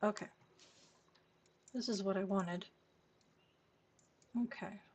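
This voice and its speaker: A woman streaming a cozy game late at night, murmuring slowly to herself as she plays. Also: medium pitch, steady tone, darkish tone, a little hiss or hum. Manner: slow, murmured talk to herself. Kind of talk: casual gameplay commentary. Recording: faint background music.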